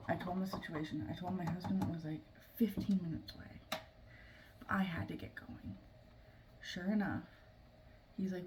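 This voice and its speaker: A young adult woman telling a family story in a casual, halting way, with many fillers and restarts. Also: lowish voice. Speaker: family vlogger. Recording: noisy room, mic at a distance.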